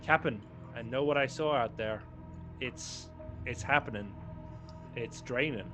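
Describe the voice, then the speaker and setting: A man voicing a brisk, no-nonsense woman first mate who talks bluntly and scolds. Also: mid-range voice, over music, natural voice. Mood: insistent.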